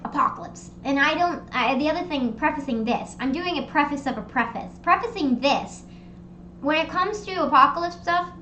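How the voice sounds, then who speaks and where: A young woman hosting a casual livestream chat from home, telling stories in an animated, rambling way with lots of fillers. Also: sits high, reverberant, lo-fi sound, slight background noise. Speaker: streamer hosting a live hangout. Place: her home. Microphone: streaming desk mic.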